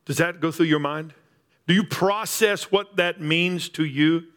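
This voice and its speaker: A man's voice: a little high, unhurried, fairly bright tone. A man preaching a sermon, emphatic and repetitive, building up on key phrases. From Texas Panhandle. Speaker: pastor.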